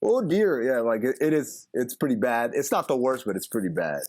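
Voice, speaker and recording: A young man co-hosting a casual podcast, an animated storyteller who laughs easily. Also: mid-range voice, fairly quick. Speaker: podcast co-host. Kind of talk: casual chat.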